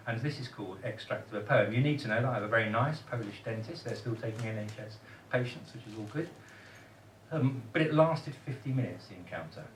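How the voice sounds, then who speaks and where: A man's voice: on the low side, slight background noise. A man with a northern English accent performing comic poetry to a live audience in a bar, cheeky and self-mocking. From northern England. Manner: cheeky, self-mocking, laughs at his own jokes. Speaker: poet and host. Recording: echoey cellar bar, distant mic.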